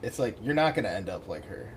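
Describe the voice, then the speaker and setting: A man's voice: lowish voice, sing-song, fast, a little hiss or hum. A man co-hosting a podcast who explains things bluntly and swears casually. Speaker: podcast co-host. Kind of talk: casual chat.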